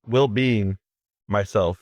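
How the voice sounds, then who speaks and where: A man's voice: fairly low pitch, slow, darkish tone, no room sound, highs cut off. A man co-hosting a poker podcast in casual banter. He tells jokey stories, swears freely and repeats his words as he talks. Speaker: podcast co-host.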